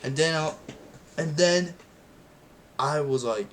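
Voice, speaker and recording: A young man hosting a casual film review vlog, rambling excitedly with many restarts and "and then". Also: medium pitch, takes it slowly, a little hiss or hum. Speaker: channel host reviewing a film.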